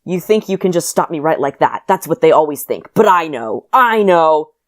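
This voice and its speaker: Lady doing a smug scheming villain guy, low and sing-songy. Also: very animated, normal speed. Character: scheming male villain, mind-controlling.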